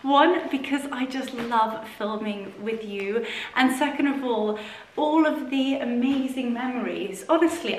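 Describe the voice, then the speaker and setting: A woman's voice: high voice, reverberant, poor audio. A British woman vlogging from her living room as she decorates, chatty and gushing, getting sentimental. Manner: gushing, affectionate, prone to getting emotional and laughing. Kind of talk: chatty vlog narration while decorating. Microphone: camera on tripod.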